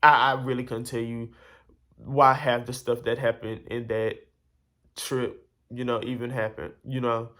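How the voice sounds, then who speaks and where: A man's voice: mid-range voice, a little slow. A man telling a personal story to camera in a casual, rambling way, exasperated and full of asides to his viewers. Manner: rambling, animated, exasperated retelling with many asides.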